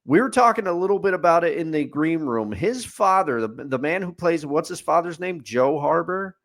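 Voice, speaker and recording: A man with a fairly high-pitched speaking voice, talking through a movie in relaxed podcast chat. He is opinionated and builds his case point by point, ticking items off like a checklist. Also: normal speed. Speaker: podcast co-host. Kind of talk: casual movie review chat.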